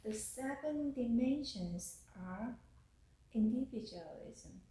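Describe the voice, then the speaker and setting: Slow, halting woman lecturing in an echoey room. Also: mid-range voice, lively intonation, dark tone. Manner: slow, halting, restarts phrases. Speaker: university professor. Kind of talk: recorded lecture.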